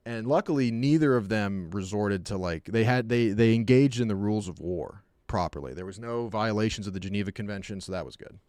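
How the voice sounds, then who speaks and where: A man with a fairly low voice chats casually on his live stream, telling rambling, jokey stories. He keeps slipping into quick put-on voices for the people in them. The sound is dry and close to the mic. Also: expressive, darkish tone, no echo.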